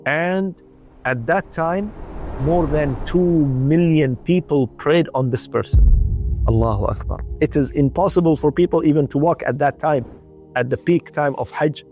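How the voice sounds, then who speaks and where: A man's voice: on the high side, a little slow, dark tone, soft background music. Earnest man telling a devotional story. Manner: earnest, repeats phrases for emphasis. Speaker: religious storyteller on radio.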